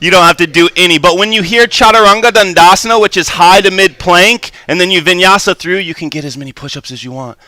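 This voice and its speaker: A man leading a live yoga class in a studio, calmly cueing poses and breathing with frequent "right?" and "good". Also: high-pitched, fast talker, hardly any pauses, no room sound. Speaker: yoga instructor.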